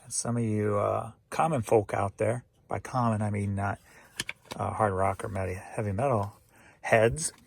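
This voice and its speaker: A man's voice: lowish voice, fairly even intonation, gravelly. A man from St. Louis, Missouri, an eBay reseller who chats easygoingly in a casual vlog. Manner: easygoing and chatty, with quick asides.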